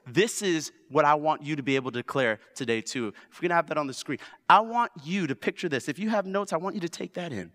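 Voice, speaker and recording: A man in his thirties preaching a sermon, swinging from loud exhortation to hushed storytelling. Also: fairly high pitch, big pitch swings, a little fast, few pauses. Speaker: pastor. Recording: long reverb of a large hall.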